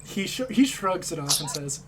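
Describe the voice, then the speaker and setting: A man's voice: fairly high pitch, expressive, normal speed. A man narrating a tabletop role-playing game as game master, in a casual way that often repeats words. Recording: faint background noise.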